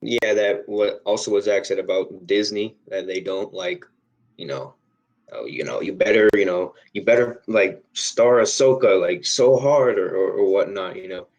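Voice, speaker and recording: A young man with a very deep, low-pitched voice chats on a podcast. He speaks hesitantly and fills his sentences with "like" and "you know.". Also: moderate pace, a little mellow, low-quality recording. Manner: hesitant, filler-heavy. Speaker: podcast cohost. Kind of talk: casual chat.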